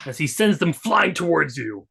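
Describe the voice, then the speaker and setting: A man's voice: on the high side, sing-song, normal speed, creaky, pushed and bright, husky. A man narrating as game master of a tabletop role-playing game, laid-back and joking, with fillers.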